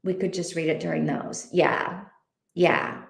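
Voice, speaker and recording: A woman's voice: lowish voice, steady tone, a little slow, gravelly, reverberant. A woman hosting an online reading group, chatting casually and thinking aloud with many fillers. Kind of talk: casual livestream chat.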